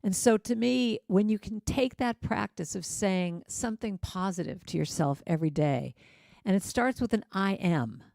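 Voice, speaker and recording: Woman, middle-aged, guest musician, casual spiritual talk, lively, dry close sound. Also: mid-range voice, normal speed, vocal fry, dry recording. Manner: lively, breaks into sung lines and acted quotes.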